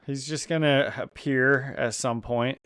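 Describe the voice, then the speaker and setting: A man co-hosting a casual podcast conversation. He mostly chimes in with brief agreements and the occasional curious question. His voice is at a plain middle pitch. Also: fairly even intonation, unhurried, fairly bright tone, clean tone. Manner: short reactions and curious questions. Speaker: podcast co-host. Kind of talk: casual chat.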